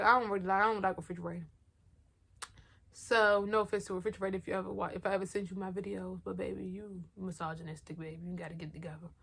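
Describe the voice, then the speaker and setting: A young woman telling a personal story to her viewers in a casual, slangy, animated storytime style, talking straight to the camera at home. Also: mid-range voice. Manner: animated, talks fast, heavy slang, addresses viewers directly. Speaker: vlogger.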